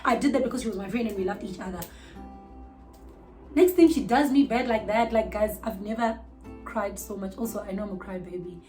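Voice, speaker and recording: A young South African woman telling a storytime vlog with animated, outraged bursts. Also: medium pitch, brisk, faint music behind, rough recording. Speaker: vlogger.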